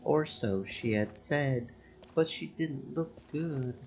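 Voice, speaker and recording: A man streaming a game, reading its story text aloud in slow, measured narration. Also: mid-range voice, vocal fry, a little mellow, slight background noise, rough recording.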